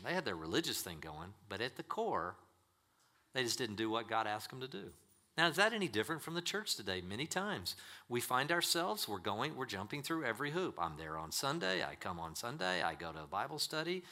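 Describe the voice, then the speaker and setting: A pastor preaching a sermon in a church, emphatic and swinging between loud declarations and hushed asides. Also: male voice, fairly low pitch.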